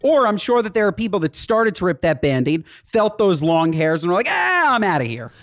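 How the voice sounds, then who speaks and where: A man with a mid-pitched voice that moves a lot, talking things through with a podcast co-host. He stops, restarts and muses aloud, close to the mic in a dry room. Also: expressive, brisk, no room sound. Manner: musing, talks things through with restarts and little acted asides. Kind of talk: casual chat.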